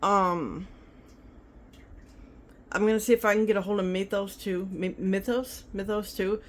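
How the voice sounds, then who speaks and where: A chatty woman rambles through stories in a casual vlog, speaking straight into her phone at a middling pitch. Her talk runs loose and conversational, full of asides. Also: steady tone, unhurried. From United States. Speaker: vlogger.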